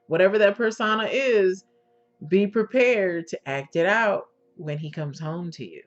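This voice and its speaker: A woman coaching her listeners in a lowish, sultry voice, drawing her words out very slowly. She checks in with "okay?" and calls the listener by pet names. The recording is dull and lo-fi, with faint music behind her. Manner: slow, sultry, drawn-out delivery, often checking "okay?"; endearments to the listener. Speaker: intimacy coach. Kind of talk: instructional talk to women.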